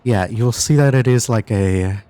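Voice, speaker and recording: A man's voice: on the low side, warm tone. A man narrating as game master of an online tabletop game, stumbling and restarting as he describes things. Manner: halting, restarts while describing, self-deprecating.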